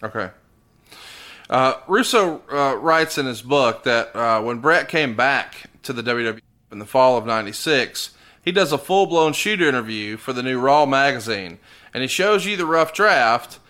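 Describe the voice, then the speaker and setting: A man's voice: mid-range voice, animated, normal speed, pushed and bright. A man hosting a podcast who reads out claims from a book and asks about them with open disbelief. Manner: incredulous questioner reading claims aloud. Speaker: podcast host and interviewer. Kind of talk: casual podcast interview.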